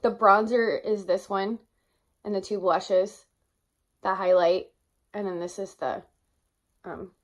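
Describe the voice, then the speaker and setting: A woman's voice: mid-range voice, fairly even intonation, slow, pauses often. A young woman in a casual vlog, gushing enthusiastically over her favorite makeup products and exclaiming often. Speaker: beauty vlogger.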